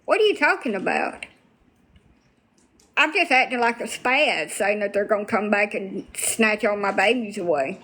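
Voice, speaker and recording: A woman's voice: mid-range voice, expressive, moderate pace, bright, forceful tone, breathy edge. A woman talking bluntly to viewers on a casual livestream, swearing freely.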